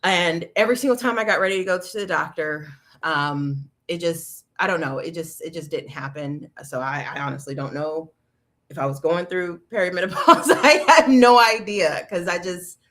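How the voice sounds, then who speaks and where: A woman in her thirties telling her own story on a podcast, candid and animated, with frequent fillers and restarts. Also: fairly low pitch, normal speed. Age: 30s. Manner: candid, animated, acts out quoted dialogue. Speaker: podcast host. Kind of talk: personal storytelling.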